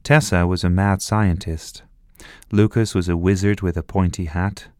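A man narrating a children's story in a slow, rhythmic storytelling manner. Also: sits low, fairly even intonation, a little mellow, clear, resonant tone, dry recording, studio quality.

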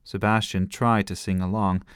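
A man reading a bedtime story aloud in a gentle, lively storytelling manner. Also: low voice, normal speed, clear, resonant tone, no room sound, clean studio sound.

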